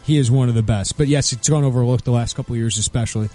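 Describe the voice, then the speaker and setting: A man co-hosting a casual sports talk show, brisk and opinionated, laughing easily at his partner's jokes. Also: mid-range voice, mellow, soft background music.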